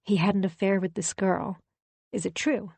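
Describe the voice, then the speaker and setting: Woman voicing a hushed, confiding best friend. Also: medium pitch, steady tone, normal speed, vocal fry, breathy edge, dry recording. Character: gushing, conspiratorial female best friend. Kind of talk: audiobook character voice.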